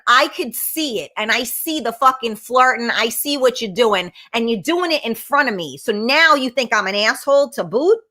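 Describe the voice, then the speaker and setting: Hosting a casual live-stream chat, a middle-aged woman with a sharp, rather high voice reads out viewer comments. She's blunt and brash, swearing freely as she goes.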